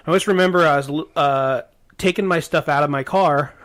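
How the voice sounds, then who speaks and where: Rambling man with a slightly high voice. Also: a little fast, fairly bright tone. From Portland area, US. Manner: rambling, hesitant, full of ums and restarts. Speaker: podcast co-host. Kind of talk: casual storytelling chat.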